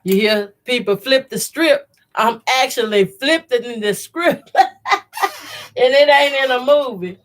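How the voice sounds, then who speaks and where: A woman's voice: a little high, measured pace. A middle-aged woman hosting a sewing livestream, chatting casually and laughing often, her voice congested from her sinuses. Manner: chatty, laughs often, reads viewer comments aloud. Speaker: quilting sew-along host. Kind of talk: casual chat while sewing.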